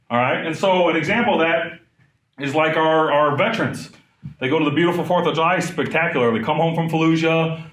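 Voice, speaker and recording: Man in his 30s, slightly high voice, animated trainer asking questions of the audience, echoey room. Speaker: trauma trainer. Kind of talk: live training talk.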